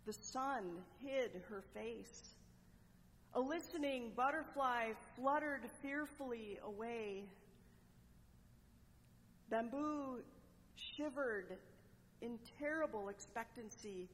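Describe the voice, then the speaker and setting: A woman preacher telling a parable as a sermon, with measured delivery and dramatic pauses. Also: fairly high pitch, a little hiss or hum. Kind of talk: sermon storytelling. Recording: long echoing hall reverb.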